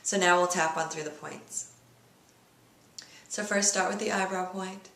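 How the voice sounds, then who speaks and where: A woman leading a guided tapping lesson, speaking slow repeat-after-me phrases as a coach. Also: on the low side, fairly even intonation, a bit bright, roomy sound.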